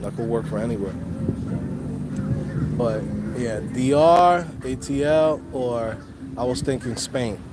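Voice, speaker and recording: A man's voice: mid-range voice, takes it slowly, long pauses, over music. A man from the Dominican Republic with a New York accent, hosting a casual livestream in loose, slangy talk full of swearing, recorded on a phone outdoors. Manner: loose, slangy, swears a lot, laughs often. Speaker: host of a coding channel livestream.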